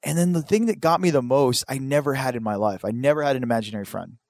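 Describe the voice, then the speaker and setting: A man's voice: medium pitch, quick pace, darkish tone, no room sound. Foul-mouthed rambling man. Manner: profane, rambling storytelling. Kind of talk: casual podcast chat.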